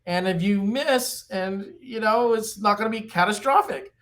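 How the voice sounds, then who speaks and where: A man in his fifties with a somewhat high voice, speaking as a guest on a podcast. He pitches his company's product through lively, animated storytelling. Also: normal speed. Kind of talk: podcast interview.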